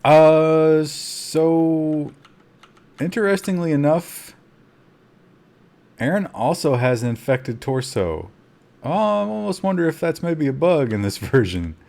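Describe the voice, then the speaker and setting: A man streaming a survival game, giving live commentary with excitable gasps between calm asides and talking to his chat. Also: a little high, moderate pace, gravelly. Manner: talks to chat.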